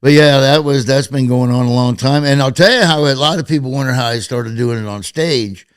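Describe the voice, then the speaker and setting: A middle-aged stand-up comic speaks in a clean-toned mid-range voice, a little fast, while telling stories in a relaxed interview. He acts out quotes in raised voices with lots of animation. The recording is dry and studio-clean.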